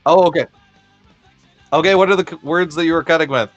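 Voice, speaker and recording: A man's voice: fairly high pitch, fast, no echo, lo-fi sound, soft background music. A man running a tabletop game as game master, making rulings and playfully describing the action.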